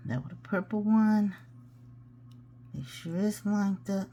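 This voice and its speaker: A woman's voice: mid-range voice, slow, pauses often, dark tone, dull audio, a little hiss or hum. A woman hosting a hands-on craft tutorial, chatting casually and talking to herself as she works. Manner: chatty, talks to herself while working. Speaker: jewelry-making tutorial host.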